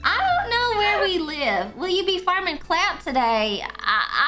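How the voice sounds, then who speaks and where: A woman with a very high voice chats as she streams a farming game, giggling and teasing her co-player. Her pitch swoops around a lot as she talks, and music plays behind her. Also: wildly swooping pitch, unhurried, pushed and bright. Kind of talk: casual game-stream chat.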